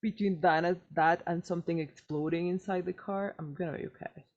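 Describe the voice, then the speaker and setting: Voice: medium pitch, steady tone, a little fast, a little mellow. A player in a tabletop game thinking aloud, anxious. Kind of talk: tabletop game role-play. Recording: dull lo-fi audio.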